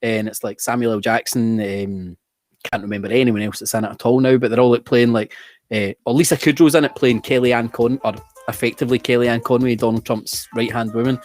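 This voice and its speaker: A man's voice: medium pitch, steady tone, a little fast, a little mellow, dry recording, soft background music. A man around forty, hosting a quiz in casual, sweary banter with restarts. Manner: chatty, sweary, trailing restarts. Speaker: quiz host.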